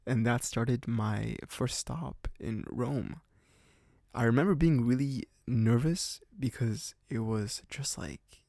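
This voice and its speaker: Young Canadian guy, podcast storyteller, gravelly and filler-heavy. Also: medium pitch, dark tone, dry recording, clean studio sound. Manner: rambling, heavy on "like" fillers, laughs often. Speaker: podcast host.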